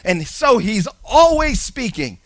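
A male preacher delivering a sermon, animated, shifting between hushed and loud with sing-song emphasis. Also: sits high, takes it slowly, no echo.

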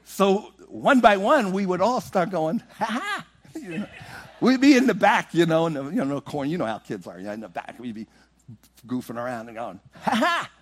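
A man preaching a sermon, animated and rhythmic, moving from loud, half-sung exclamations to hushed storytelling. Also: a little high, a little fast.

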